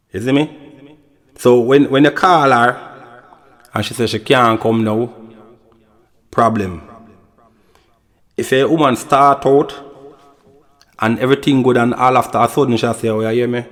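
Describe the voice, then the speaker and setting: A man with a Jamaican accent tells a loose, wandering story in the studio, leaning again and again on the same little tag phrases. His voice sits at an ordinary middle pitch, and the recording carries a long, hanging reverb behind every word. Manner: rambling, repeats "you know" and "you see me". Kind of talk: casual anecdote telling.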